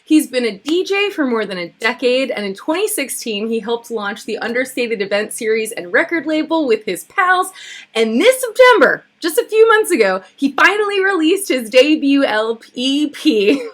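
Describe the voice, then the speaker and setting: A woman hosting a livestreamed talk show in a giggly, excitable, rambling way. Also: high-pitched, moderate pace. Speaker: host.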